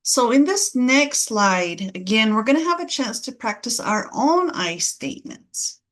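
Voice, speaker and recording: A fairly high-voiced woman runs a group workshop on parenting. She calls on volunteers and praises their answers in an encouraging, upbeat way. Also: lively intonation, unhurried. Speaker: parenting class facilitator.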